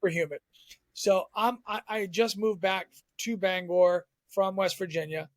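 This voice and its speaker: A man from Southern Maine, a former TV sports reporter, telling stories as a podcast guest in an animated, chatty way. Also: sits high, no echo. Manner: animated storyteller, quick and chatty. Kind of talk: casual podcast storytelling.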